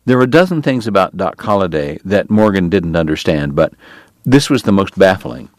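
A man narrating a historical western novel in even, measured storytelling. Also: low-pitched, no echo. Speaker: audiobook narrator. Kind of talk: scripted narration.

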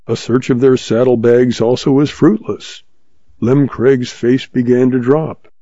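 A man narrating a western story in a steady, measured reading. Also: mid-range voice, no echo. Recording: dull lo-fi sound.

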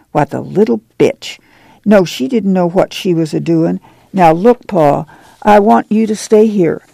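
A man voicing a weary, steady mother of a poor migrant family, talking in a folksy rural dialect, firm and quiet. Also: mid-range voice, vocal fry, no echo.

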